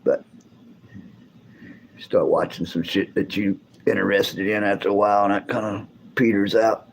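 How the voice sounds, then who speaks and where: With a fairly low voice, some vocal fry and fairly even intonation, a male livestream host talks at a moderate pace, chatting casually with his live chat viewers. He rambles, drawls and restarts sentences often, over a little hiss or hum.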